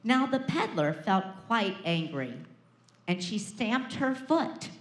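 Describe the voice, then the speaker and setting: Expressive woman reading a storybook. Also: medium pitch, very noisy. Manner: expressive storytelling with dramatic pauses. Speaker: preschool teacher. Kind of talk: reading a picture book aloud. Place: preschool classroom. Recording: echoey classroom.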